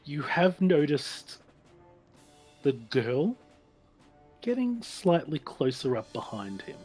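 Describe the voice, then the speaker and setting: A man's voice: on the high side, big pitch swings, slow, darkish tone, faint music behind. A man with an Australian accent narrating a tabletop game as game master, hesitant and full of ums and sort-ofs.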